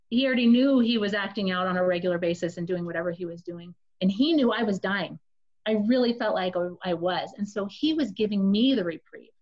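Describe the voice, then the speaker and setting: A woman's voice: mid-range voice, muffled recording. Woman earnestly telling her personal story. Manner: earnest, confessional, addresses listeners directly. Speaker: speaker sharing her story. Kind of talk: personal testimony, casual storytelling.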